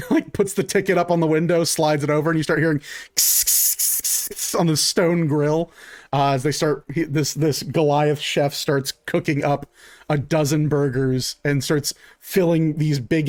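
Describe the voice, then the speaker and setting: A man's voice: a little high, darkish tone, dry recording, clean studio sound. A man narrating as game master of a tabletop game, casual and loose, with a lot of likes and uhs.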